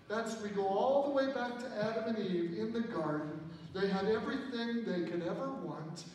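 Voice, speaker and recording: A man's voice: high-pitched, slight background noise. A male pastor preaching a sermon in a conversational, storytelling way with self-deprecating humor. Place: church. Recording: echoey church hall from far off.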